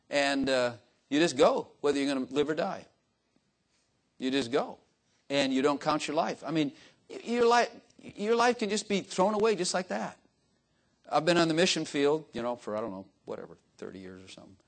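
Folksy older preacher, joking. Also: male voice, mid-range voice. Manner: folksy, joking asides, frequent "Amen?" to the crowd. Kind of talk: informal sermon to a congregation.

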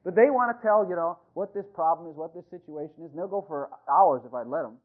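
A man with a high voice preaches a sermon over a thin, phone-like radio broadcast. He fires rhetorical questions at the congregation. He swings between loud emphatic calls and quiet asides. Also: fast talker.

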